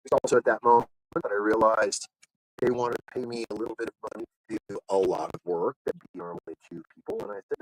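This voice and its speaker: A man's voice: mid-range voice, fast talker, low-quality recording. A man hosting a live online show, telling a long story in a casual, rambling way and acting out the other people's lines. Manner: animated, acts out other people's lines in the stories; rambling, with frequent fillers and restarts. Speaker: livestream show host.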